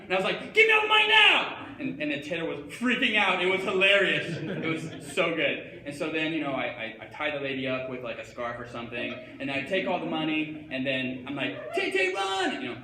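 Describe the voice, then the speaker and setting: A man's voice: fairly high pitch, sharp tone, a little hiss or hum. A young man doing a comic stage monologue, dopey and starstruck, rambling with manic outbursts. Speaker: comedic monologue performer. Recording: echoey hall, faint ambience.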